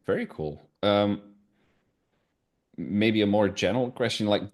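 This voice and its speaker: Low-voiced man hosting an interview. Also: expressive, unhurried. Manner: brief affirmations and searching questions. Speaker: podcast host. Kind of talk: casual interview.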